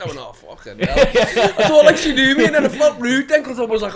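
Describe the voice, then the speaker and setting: A man in his thirties with a Liverpool accent, telling stories as a guest in a casual podcast chat, excitable and full of swearing and laughter. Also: very high-pitched, creaky. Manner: fast, excitable storyteller, swears a lot, lots of laughter. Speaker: guest actor.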